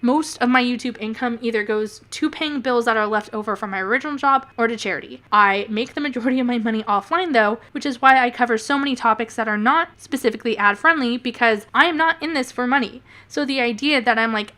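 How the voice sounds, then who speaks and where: A woman talking straight to her viewers in a casual commentary video, with a slightly raised pitch. She is sarcastic and blunt, swears freely and laughs often as she talks. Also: a little fast, hardly any pauses, bright, forceful tone. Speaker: YouTuber.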